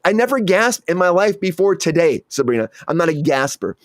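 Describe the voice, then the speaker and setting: Male host, actor, animated storyteller; slightly high voice, dry close recording. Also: brisk, no room sound. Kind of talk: casual chat.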